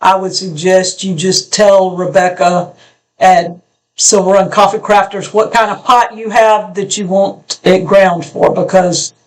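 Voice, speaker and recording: A woman co-hosting a homestead channel, rambling in a folksy way through viewer comments with halting restarts. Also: medium pitch, fairly even intonation. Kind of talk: casual porch chat reading viewer comments.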